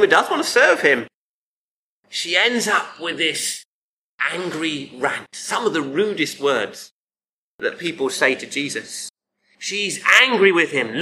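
A male preacher talks through a passage slowly and deliberately in a bright, fairly high voice. He keeps checking in with the congregation through tag questions, which gives the sermon a chatty feel. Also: a little hiss or hum.

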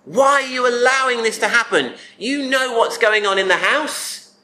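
A man's voice: very high-pitched, normal speed, bright, forceful tone, voice pushed up, exaggerated voice. A man voicing an exasperated, overworked woman as she rants with pleading, accusing questions. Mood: angry, accusing. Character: exasperated woman, overworked hostess, demanding and bitter.

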